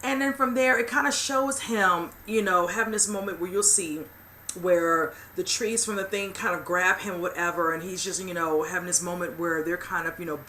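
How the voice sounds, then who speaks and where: A woman's voice: on the low side, steady tone, normal speed, sharp tone, slight background noise. A woman hosting a casual TV episode recap, rambling along with lots of "you know" fillers. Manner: rambling retelling full of "you know" and "whichever". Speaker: host of a TV recap channel.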